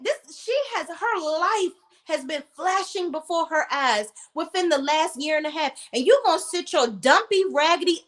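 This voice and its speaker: High-voiced woman ranting about a reality show, blunt, cussing, gets emotional. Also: fairly bright tone. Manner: blunt, heated and profane; emotional while telling a personal story. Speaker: reality TV recap vlogger. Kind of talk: reality TV recap commentary.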